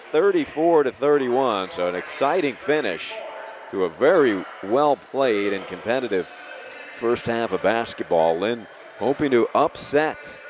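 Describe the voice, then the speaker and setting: A man calling a college basketball game as play-by-play announcer, measured and clear, lifting his voice on big plays. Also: medium pitch. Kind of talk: basketball commentary. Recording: broadcast with arena noise behind.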